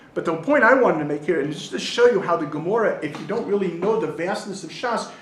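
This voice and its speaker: Sitting high in pitch, this rabbi's voice rings with reverb and carries a bit of hiss or hum. He's teaching a Torah class to a group in a Jerusalem study hall, telling jokes and stories along the way and voicing the characters with animation.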